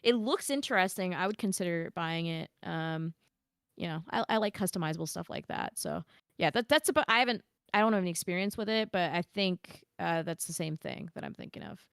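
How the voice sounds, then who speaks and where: A woman's voice: on the low side, brisk, gravelly, fairly bright tone, clear, resonant tone, no echo, clean studio sound. A young Canadian woman co-hosting a gaming podcast, reading out stream chat in a casual, chatty way and swearing freely. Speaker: podcast co-host.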